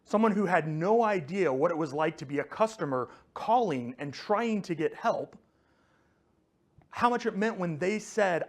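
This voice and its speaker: Slightly high-voiced man telling a story. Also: lively intonation, measured pace. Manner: storytelling, with frequent fillers and restarts. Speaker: teacher of a faith community. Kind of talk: conversational teaching talk.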